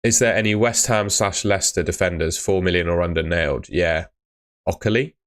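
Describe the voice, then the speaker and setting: A man's voice: sits low, moderate pace, fairly bright tone. A young man chatting on a live stream, giving blunt fantasy football advice and often calling viewers "mate". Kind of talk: casual live-stream chat.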